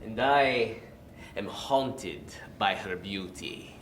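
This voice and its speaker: An actor playing a man who reads a mournful vampire role in a slow, grandiose stage manner. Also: on the low side, expressive, fairly bright tone, a little hiss or hum, heavily acted. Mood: brooding. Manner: slow, grandiose, dramatic pauses. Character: brooding vampire, male, theatrical and mournful. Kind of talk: overwrought stage reading.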